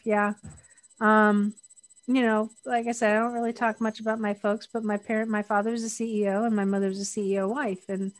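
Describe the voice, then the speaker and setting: A woman's voice: fairly high pitch, no echo. A middle-aged woman speaking as an interview guest, candid and reflective, often restarting her sentences.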